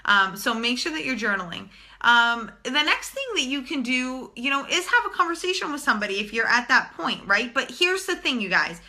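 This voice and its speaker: A woman's voice: sits high, lively intonation, fairly quick, sharp tone. A young woman talking casually and bluntly to viewers in a live stream, swearing freely as a spiritual channeler.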